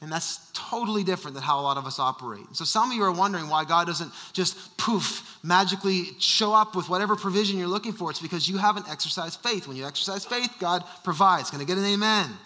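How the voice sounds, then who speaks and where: A man who is a senior pastor preaching a sermon, shifting between emphatic bursts and quiet asides. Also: high voice, fast talker, few pauses, big-room sound. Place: church sanctuary.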